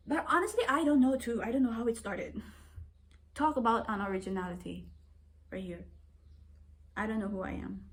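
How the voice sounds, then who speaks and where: A woman's voice: medium pitch, a little hiss or hum. A woman in her twenties with an accent that mixes British and Australian, rambling and self-deprecating as she talks to her own camera. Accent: mixed British and Australian. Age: 20s. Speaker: vlogger. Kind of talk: casual rambling vlog.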